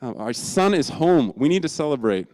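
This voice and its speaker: A man's voice: on the high side, normal speed, big-room sound, voice pushed up. A man voicing a joyful father who calls out orders to celebrate his son's return. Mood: overjoyed. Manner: excited, shouting orders. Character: older man, a joyful father welcoming his son home.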